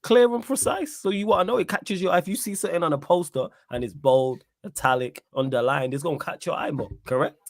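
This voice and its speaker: A man's voice: fairly high pitch, fast talker, hardly any pauses, no room sound, studio quality. A man hosting a casual football chat, wry and teasing. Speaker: podcast host.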